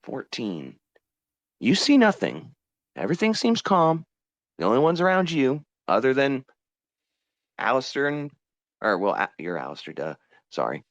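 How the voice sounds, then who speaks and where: A man's voice: medium pitch, wildly swooping pitch, measured pace, pauses often, no echo, lo-fi sound. A man narrating as game master in a casual, descriptive way and swearing freely.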